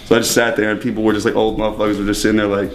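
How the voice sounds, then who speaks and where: A young man, a guest in an interview, rambles through casual stories, swearing a lot and laughing between lines. His voice is lowish and flat, and he talks very fast over a noisy background.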